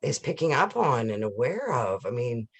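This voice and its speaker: A man's voice: mid-range voice, big pitch swings, moderate pace, breathy edge. A man hosting a casual video call interview, talking enthusiastically and rambling, with frequent restarts. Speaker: interview host.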